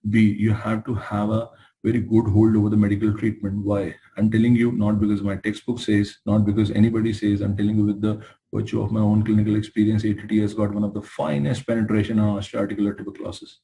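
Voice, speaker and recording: A man's voice: lowish voice, fast, vocal fry, a little hiss or hum, poor audio. A middle-aged man with an Indian English accent teaching a medical lecture, telling clinical stories with emphatic, exasperated asides. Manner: animated storytelling, emphatic and exasperated. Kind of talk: lecture with acted patient dialogues.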